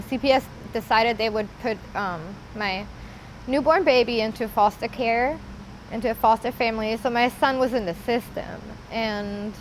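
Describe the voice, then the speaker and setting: A woman telling her personal story in an earnest, halting way, often pausing with casual fillers. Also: a little high, slight background noise, poor audio. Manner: earnest, halting, with many "like" and "you know" fillers. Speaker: interviewee sharing her story. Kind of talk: personal testimony.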